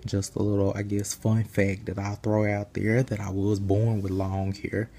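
A tired young man talking casually to his camera while lying in bed, rambling in a relaxed way. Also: on the low side, moderate pace. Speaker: vlogger. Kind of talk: casual chat.

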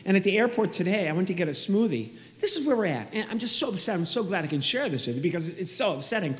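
On stage, a man with a slightly high voice for a man performs stand-up comedy at a fast clip. He tells animated stories and slips into the voices of the people he describes.

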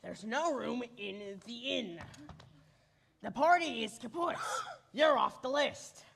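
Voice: mid-range voice, lively intonation, slow, vocal fry, a bit bright, full character voice. A young performer playing a bossy gatekeeper creature who declaims the rules in a stage musical. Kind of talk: school stage musical acting.

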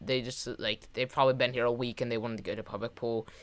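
Rambling excitable young man vlogger. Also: mid-range voice, fast. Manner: rambling, excitable, lots of fillers and laughs. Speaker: gaming vlogger. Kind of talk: casual storytelling to camera.

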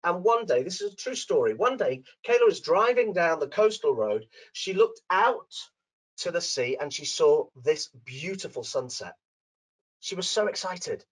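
A man's voice: big pitch swings, moderate pace, rough recording. A middle-aged man presenting a webinar from home, telling stories and acting out the people in them. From Liverpool, England. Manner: acts out characters in his anecdotes with big pitch swings. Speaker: dental coach and webinar presenter. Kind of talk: animated webinar talk with storytelling. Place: room at home.

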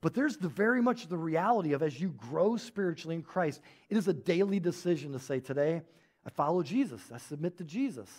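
A man preaching a sermon in a church, telling stories in a casual, animated way with lots of filler words. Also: a little high, a little fast. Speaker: pastor.

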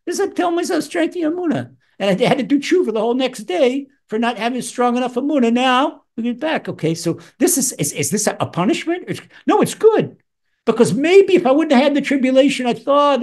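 A man teaching Psalms as a rabbi, animated, acting out voices with wide swings in pitch. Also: a little fast. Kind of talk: Torah lesson.

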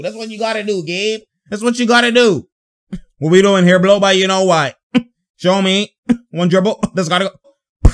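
A young man giving casual, slangy reaction commentary over a basketball game, laughing often and getting excited. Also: sits high, normal speed.

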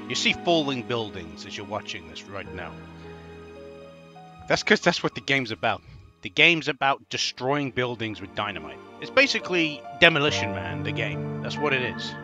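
A man giving gameplay commentary, ranting and swearing in frustration at a puzzle game. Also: medium pitch. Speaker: gaming channel host.

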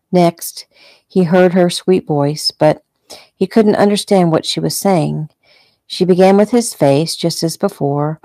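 A woman reads her own novel aloud, unhurried and intimate, as if sitting in the room with you. Her low voice has a gravelly, mellow texture, recorded close and dry. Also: no echo. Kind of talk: casual audiobook narration.

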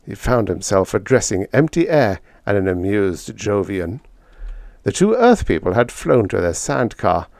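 A man narrating a vintage short story audiobook in an expressive reading. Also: on the low side, a little slow, vocal fry, no echo, clean studio sound. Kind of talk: scripted narration.

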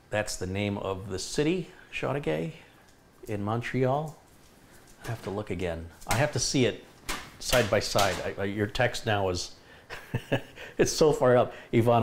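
Chatty low-voiced male live streamer. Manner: chatty, enthusiastic, reads viewer comments aloud. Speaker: tech YouTuber hosting a live stream. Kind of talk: casual live stream chat.

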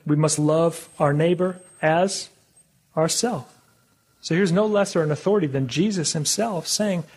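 A man delivering a religious public talk, asking his listeners questions and slowing down to stress key words. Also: fairly high pitch, a little mellow, slightly rough. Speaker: public speaker.

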